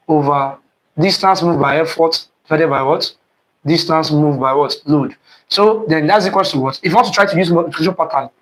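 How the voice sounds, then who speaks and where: A man's voice: fairly high pitch, a bit bright, poor audio. A man teaching an online exam-prep physics lesson, repeating terms and quizzing students with "what?" questions. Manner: speeds up and slows down, stressing terms.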